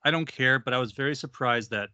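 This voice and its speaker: Bright, animated male podcast co-host. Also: medium pitch, fast talker, smooth, dry recording, dull audio. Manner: animated, emphatic, self-interrupting. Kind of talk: casual chat.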